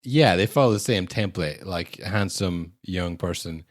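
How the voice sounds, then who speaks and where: Brief: low-voiced male podcast co-host, dry close mic, wry rambling film-review chat. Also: unhurried, no echo. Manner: wry, rambling, swears casually.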